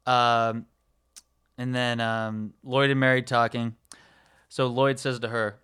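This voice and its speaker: Male podcast guest, smooth resonant voice, casual chat, quotes lines with chuckles. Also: medium pitch, little pitch movement, slow, fairly bright tone.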